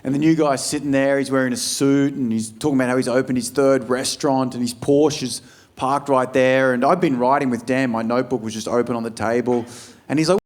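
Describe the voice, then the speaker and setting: A middle-aged Australian man doing a crude, blunt stand-up comedy set, slipping into high put-on voices when quoting people. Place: large comedy venue before a live crowd. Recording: live stage recording with crowd laughter. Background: audience laughter.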